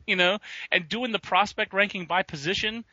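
A man's voice: high-pitched, normal speed, pushed and bright, no echo. A man co-hosting a casual podcast, talking in a rambling way with many fillers. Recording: dull lo-fi audio.

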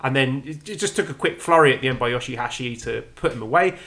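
Bright-voiced man giving wry recaps. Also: medium pitch, lively intonation. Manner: measured, wry play-by-play recap. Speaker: podcast co-host. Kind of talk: casual wrestling review chat.

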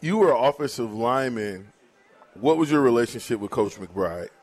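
A man's voice: medium pitch, expressive, normal speed, a little mellow. A man hosting a sports talk show, asking a guest questions in a loose, slangy way. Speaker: sports radio host. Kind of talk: interviewing, casual.

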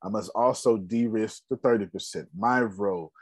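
A man's voice: on the low side, moderate pace, dry recording. Emphatic man telling stories, dry sound. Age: 40s. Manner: storytelling, laughs often, emphatic. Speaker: host. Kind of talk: casual business talk.

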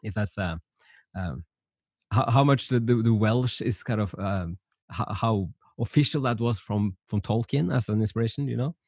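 A man's voice: lowish voice, moderate pace, darkish tone, husky, dry recording, studio quality. A man hosting a podcast interview who talks hesitantly, with many fillers and restarts. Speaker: podcast host. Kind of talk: casual interview conversation.

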